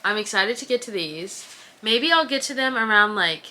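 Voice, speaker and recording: A woman in her twenties chatting casually to camera about books, animated and dramatic in her reactions. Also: medium pitch, normal speed, slight background noise. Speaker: book vlogger.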